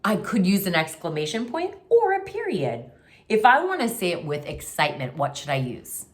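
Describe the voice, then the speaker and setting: A woman's voice: fairly low pitch, wildly swooping pitch, normal speed. A woman teaching a remote kindergarten writing lesson, talking to young children in a patient, sing-song way.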